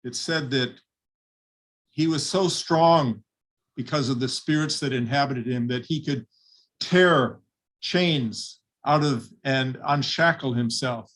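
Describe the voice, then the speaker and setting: A man's voice: mid-range voice, takes it slowly, a bit bright. An older man preaching a sermon, retelling a Bible story vividly and voicing its people. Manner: vivid retelling with acted quotes.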